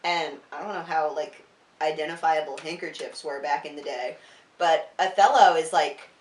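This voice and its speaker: A tipsy young woman rambles through a story in a casual, profane, giggly way and keeps saying "like". Her voice sits a little low, and it echoes around the room from a mic placed well away from her. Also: moderate pace, slight background noise. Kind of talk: tipsy casual retelling of a classic play. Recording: roomy sound from a distant mic.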